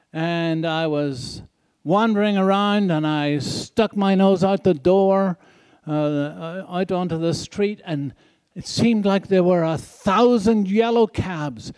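An older male preacher with a foreign accent and a high voice, talking to his congregation in a folksy, chatty way. He chuckles between points and keeps checking in with the crowd. The sound is close and dry. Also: clear, resonant tone, dry recording. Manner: folksy, asks the crowd "isn't that right?". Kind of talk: sermon.

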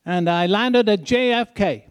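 Older man with a foreign accent, high-pitched, folksy preacher with chuckles, dry close sound. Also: a little slow, clear, resonant tone, no room sound. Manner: folksy, asks the crowd "isn't that right?". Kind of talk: sermon.

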